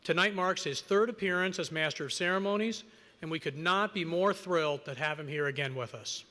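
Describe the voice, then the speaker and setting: A man giving a prepared, measured introduction of the evening's host at an awards event. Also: fairly high pitch, bright, forceful tone. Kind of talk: formal read introduction. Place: large hall at an awards ceremony. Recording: long reverb of a large hall.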